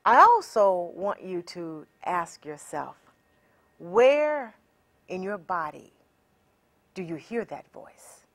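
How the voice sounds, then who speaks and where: Woman, empowerment coach, encouraging and measured, animated pitch. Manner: measured and encouraging, with many rhetorical questions. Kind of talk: motivational teaching talk.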